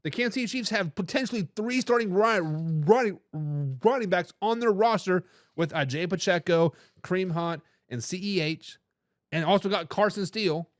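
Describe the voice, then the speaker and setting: On his live football talk show, a sports talk host with a high-pitched voice speaks at a moderate pace, casual and full of animation. He reads viewers' comments aloud, often starting phrases over and slipping in slangy catchphrases, and the audio is close and dry with no room echo.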